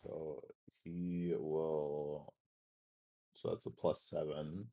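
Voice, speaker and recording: A man's voice: extremely low pitch, little pitch movement, very slow, warm tone. A man playing a tabletop game, eagerly working out his dice math aloud, with some crude words. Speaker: player. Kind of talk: casual tabletop game chat.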